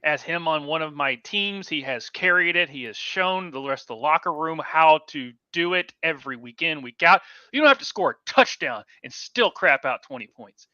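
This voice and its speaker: A man's voice: on the high side, lively intonation, normal speed, hardly any pauses, pushed and bright, no room sound. A man co-hosting a fantasy football podcast, chatting casually, rambling and correcting himself as his voice trails off. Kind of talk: casual sports chat. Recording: dull, dry lo-fi mic.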